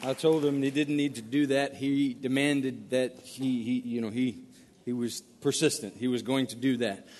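A man preaching as a guest pastor, folksy and halting, with many restarts. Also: mid-range voice, steady tone, darkish tone. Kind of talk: sermon with storytelling. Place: church sanctuary. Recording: long church-hall reverb.

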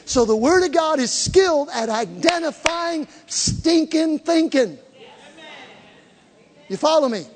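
A man's voice: very high voice, animated, slow pace, pauses often. A man preaching a sermon to a congregation, emphatic, repeating key words and drawing the crowd into call and response. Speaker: pastor. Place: church hall with live congregation. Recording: long reverb of a large hall.

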